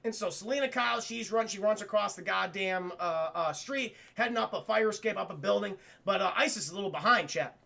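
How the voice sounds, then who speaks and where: A man streaming a cartoon review, retelling scenes in a profane, excitable way and talking straight to his chat. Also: high-pitched, vocal fry. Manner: profane, excitable storyteller who keeps addressing chat; acts out the characters' lines in quick voices. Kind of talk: casual livestream recap.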